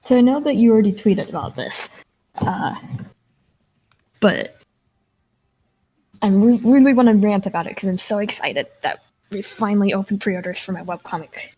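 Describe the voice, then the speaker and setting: Chatty young woman with gravelly voice. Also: medium pitch, lively intonation, normal speed, long pauses, dark tone, poor audio. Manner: chatty storyteller, many fillers. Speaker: guest streamer and artist. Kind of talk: casual chat while gaming.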